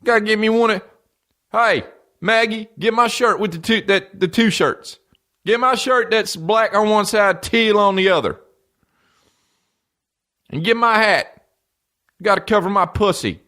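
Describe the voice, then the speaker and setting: Guy putting on a squeaky hyped-up country star, folksy drawl, bossing folks around. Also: a little slow, long pauses, pushed and bright. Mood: giddy.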